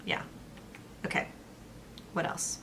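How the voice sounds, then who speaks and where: A woman's voice: slow pace, background noise. A young woman co-hosting a casual personal finance vlog, chatting and walking through budget figures step by step. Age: young adult. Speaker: personal finance vlogger, co-host. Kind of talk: casual chat.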